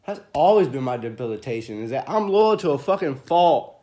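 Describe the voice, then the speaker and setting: A man venting in a rambling, profane monologue to camera from a small room, swinging between loud rants and low mumbling. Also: big pitch swings, fairly quick.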